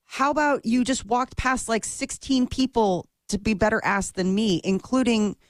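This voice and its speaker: A woman co-hosting a morning radio show, telling a story in casual chat, animated and full of quick asides. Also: a little high, no echo, clean studio sound. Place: radio studio.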